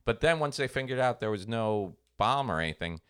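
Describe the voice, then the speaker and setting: A man's voice: mid-range voice, fairly quick, clear, resonant tone. A man co-hosting a podcast, telling stories in casual chat and acting out the people in them. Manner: animated storyteller, acts out voices in anecdotes. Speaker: podcast co-host.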